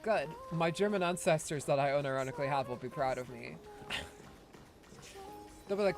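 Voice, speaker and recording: A man's voice: fairly high pitch, moderate pace, vocal fry, long pauses, over music. A man from Ireland, chatting casually and rambling as he streams a game, swearing and laughing often. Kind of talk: casual livestream chat.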